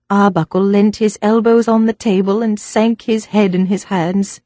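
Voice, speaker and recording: A woman narrating a mystery audiobook in an even, measured reading. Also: medium pitch, no room sound. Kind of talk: scripted narration.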